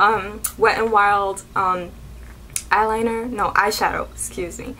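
A young woman vlogging as she unboxes beauty products, gushing and excitable. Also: mid-range voice, unhurried, poor audio. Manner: gushing, excitable, keeps saying oh my god. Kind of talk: unboxing vlog.

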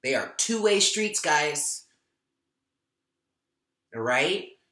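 Bright-voiced man giving a candid tarot reading. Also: fairly high pitch, sing-song, very slow, echoey room. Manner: candid and emotional, swears casually. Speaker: tarot reader.

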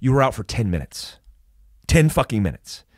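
Guy on a podcast telling a crazy story, swears constantly, pitch all over the place, dead dry sound. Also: normal speed, no echo. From United States. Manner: animated, heavy swearing, restarts. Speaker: podcast guest. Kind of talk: casual storytelling interview.

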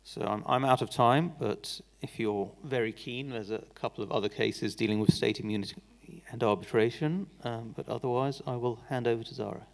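A man's voice: medium pitch, steady tone, brisk, creaky. A man giving a legal seminar talk, critical and dry, with frequent restarts. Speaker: barrister giving a lecture.

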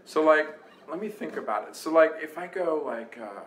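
A guitar teacher with a fairly high voice speaks at normal speed amid background noise, giving a relaxed, casual lesson. He talks while playing his own guitar and counts beats aloud; the sound is roomy and the guitar is loud.

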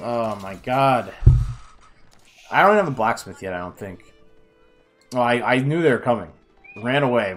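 A tired young man commenting on a replay of his own game, self-critical and groaning at his mistakes. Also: mid-range voice. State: tired, yawning. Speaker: gaming video creator.

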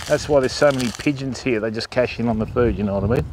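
A man's voice: medium pitch, fairly even intonation, fast, few pauses, noisy background. A man hosting a casual outdoor livestream at a wildlife park, coaxing the animals in a sing-song voice.

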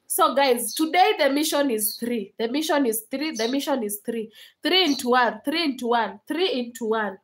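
A young Kenyan woman chats casually with viewers on a livestream, laughing often and moving between English and Swahili. Her voice is high-pitched, expressive and fairly bright, at normal speed. The audio quality is poor.

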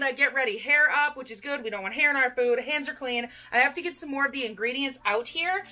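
A woman's voice: sits high, quick pace, few pauses, bright, forceful tone. A young woman in her twenties filming a casual baking vlog in her home kitchen, talking to viewers in a goofy, bubbly way with sing-song asides, picked up by a camera propped on the counter. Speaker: vlogger.

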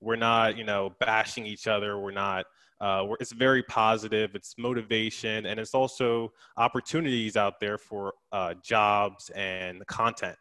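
A man's voice: fairly low pitch, steady tone, moderate pace, pushed and bright. A man on a panel, speaking in an upbeat way with some filler sounds. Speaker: podcast co-host, panelist. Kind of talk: panel discussion.

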